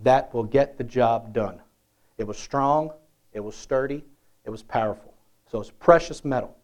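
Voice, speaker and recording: A man preaching a sermon in a lively, conversational way, often asking the congregation questions. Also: medium pitch, moderate pace. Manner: animated, conversational, asks the crowd questions.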